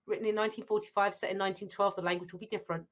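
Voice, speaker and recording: A woman's voice: mid-range voice, fairly even intonation, racing. British woman English teacher, revision video, chatty, talks straight to viewers. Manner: alternates reading play lines with explanation; chatty, addresses viewers directly. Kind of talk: exam revision lesson.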